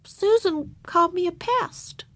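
A woman voicing a spirited, stubborn little kindergarten girl, speaking in a bright childlike way. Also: very high-pitched, measured pace, pitched above the performer's own voice, low-quality recording. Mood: small earnest.

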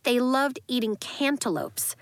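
A woman narrating a children's story in a lively, expressive way. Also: a little high, measured pace, dry recording. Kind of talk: audiobook narration.

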